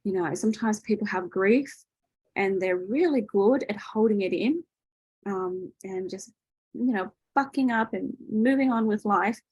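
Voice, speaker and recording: A woman's voice: mid-range voice, unhurried, a little mellow, slightly rough, no echo, dull audio. A woman leading an online workshop over a video call, teaching in a casual, chatty way with lots of fillers and tag questions. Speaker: workshop host.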